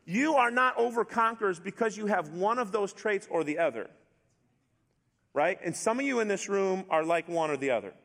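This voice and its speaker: A middle-aged man preaching a sermon to a congregation, storytelling in a relaxed, conversational way with asides. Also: high-pitched, moderate pace. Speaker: pastor. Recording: long hall reverb.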